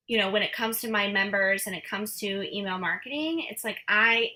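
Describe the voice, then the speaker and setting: A woman's voice: medium pitch, pushed and bright. Upbeat, chatty woman business guest. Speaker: guest, membership business owner. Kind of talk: casual interview talk.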